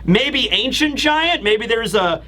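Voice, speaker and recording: Male YouTube manga reviewer, high and bright, animated and rambling. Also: takes it slowly. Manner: animated, rambling, talks straight to viewers. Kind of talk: casual video review commentary.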